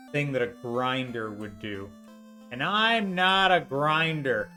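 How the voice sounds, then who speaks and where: This is gameplay commentary on an old RPG, delivered by a man whose voice sits on the high side and sounds fairly bright. He speaks at a measured pace but animatedly, wandering into sarcastic, jokey tangents while faint game music plays underneath.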